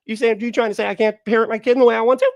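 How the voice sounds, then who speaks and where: A man's voice: extremely high pitch, fairly even intonation, vocal fry, pitched above the performer's own voice. A man mimicking a furious, defensive religious parent. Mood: indignant. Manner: fast, outraged, sneering mockery.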